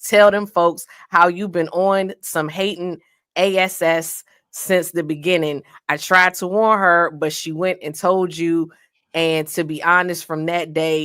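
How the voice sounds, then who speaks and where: A woman's voice: on the low side, a bit bright, dry recording, clean studio sound. A woman voicing an angry young woman dancer who calls out a former friend, reading the lines aloud in a put-on Southern street accent.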